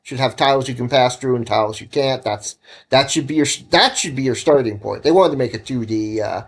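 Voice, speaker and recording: A man of medium pitch chats loosely on a programming livestream. He rambles and corrects himself mid-sentence while giving casual advice. He sounds a little tired and yawny. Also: fairly quick. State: tired, yawning. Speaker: livestreaming game developer.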